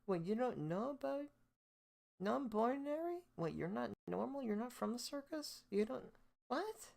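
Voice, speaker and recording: A man voicing a shrill, baffled caricature of a confused person, squealing exaggerated questions. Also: very animated, a little slow, gravelly, a little mellow, exaggerated voice. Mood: mocking.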